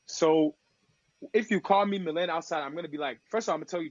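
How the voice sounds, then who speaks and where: A man from Togo talks as a guest on a casual podcast, with a fairly high voice. He keeps the talk loose and slangy and mimics the people he quotes. The recording sounds a little dull and very dry. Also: quick pace, no room sound. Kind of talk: casual storytelling chat.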